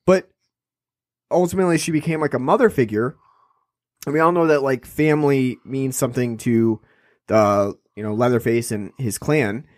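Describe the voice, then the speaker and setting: A man's voice: medium pitch, normal speed, dry recording. Rambling man on a dry mic. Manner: rambling, frequent restarts and fillers. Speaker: podcast co-host. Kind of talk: casual film review chat.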